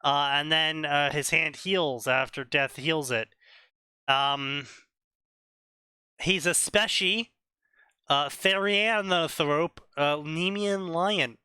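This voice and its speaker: A man's voice: fairly high pitch, slow pace, pushed and bright, clear, resonant tone, dry recording, clean studio sound. A young man co-hosting a comedy show, casually summarizing a story in rambling fashion with lots of filler. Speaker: co-host reading fanfiction.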